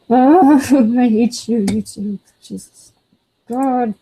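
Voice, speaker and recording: A woman's voice: fairly high pitch, slow, warm tone, slightly rough, poor audio. A woman co-hosting a casual chat, exasperated and swearing while she scrolls for a comment. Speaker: co-host.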